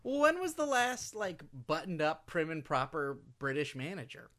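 A man's voice: on the high side, big pitch swings, moderate pace, sharp tone. A man co-hosting a casual podcast, chatty and laughing often. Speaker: podcast co-host. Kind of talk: casual chat.

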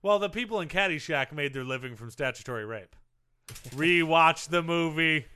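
A man co-hosting a comedy podcast, reading out trivia and cracking deadpan jokes. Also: fairly high pitch, moderate pace, smooth. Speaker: co-host.

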